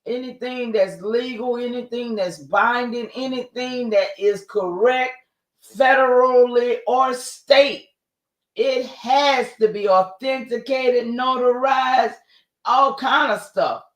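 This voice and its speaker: A man's voice: extremely high pitch, slow pace. A man hosting a livestream, casually reacting to a clip and talking to his viewers. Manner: interjects exclamations, addresses the audience as y'all. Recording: roomy echo.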